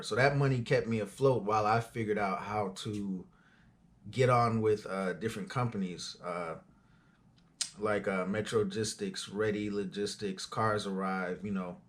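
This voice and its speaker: A man's voice: fairly low pitch, normal speed. A man of forty, an auto transport business owner, tells his story in a loose, conversational way with frequent fillers and asides. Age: 40s. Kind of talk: casual storytelling.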